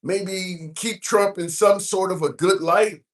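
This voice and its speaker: A man's voice: high voice, steady tone, slow pace. A man from the American Midwest hosting a casual live stream, chatting and reading comments aloud with frequent fillers. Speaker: livestream host. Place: cruise ship at sea.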